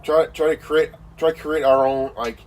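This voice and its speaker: A man's voice: a little high, fairly even intonation, normal speed, a little mellow, recorded from a distance, slight background noise, low-quality recording. A man ranting casually with heavy swearing, repeating himself and leaning on fillers like "you know" and "man". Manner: crude, swearing, insulting. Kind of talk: profane casual rant.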